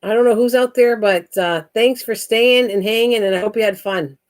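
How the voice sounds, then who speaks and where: A woman's voice: a little high, moderate pace. A woman hosting a crafting live stream, chatting casually and teasing, laughing often.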